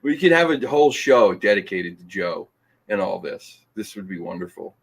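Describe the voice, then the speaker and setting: Husky man laughing through a live show. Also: sits low, normal speed. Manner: laughs often, teasing, stumbling restarts. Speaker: podcast host reading live chat. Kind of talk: casual live-stream chat.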